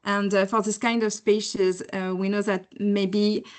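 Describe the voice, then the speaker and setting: A woman's voice: medium pitch, level tone. Hesitant French-accented woman on a call. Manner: halting, searching for words. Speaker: researcher asking a question. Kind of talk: question on a video call. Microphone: video call.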